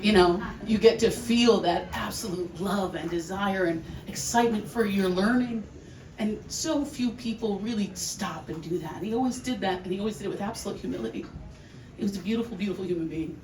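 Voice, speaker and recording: A woman giving a heartfelt memorial speech for her uncle, emotional and halting, with restarts and laughs. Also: medium pitch, darkish tone. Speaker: family member giving a eulogy. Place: large hall with an audience. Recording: echoey room, distant mic, noisy.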